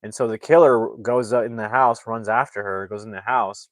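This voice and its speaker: Rambling low-voiced male movie reviewer. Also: fairly even intonation, normal speed, dry recording. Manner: rambling, full of "like" fillers and self-corrections. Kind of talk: casual plot recap.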